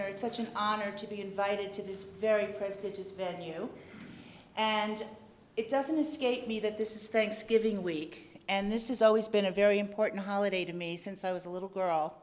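A woman's voice: mid-range voice, steady tone, normal speed, slight background noise. A middle-aged woman giving an upbeat, effusive talk as a guest speaker at a club lecture venue. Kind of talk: enthusiastic public talk.

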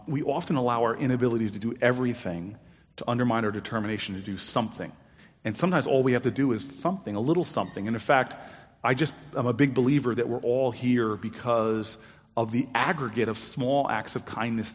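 A man telling a personal story to an audience, acting out the quoted dialogue with big jumps in his voice. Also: lowish voice. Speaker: storyteller on stage. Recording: long hall reverb.

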